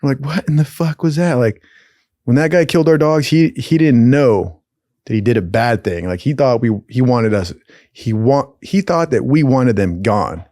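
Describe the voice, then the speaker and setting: A man's voice: mid-range voice, moderate pace, no room sound. A young man with a mid-range voice spins casual war stories, swearing constantly and slipping into the voices of the people he describes. The sound is dry and close, with no room around it. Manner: profane, animated, acts out voices in his stories. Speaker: podcast host telling stories. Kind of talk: casual storytelling.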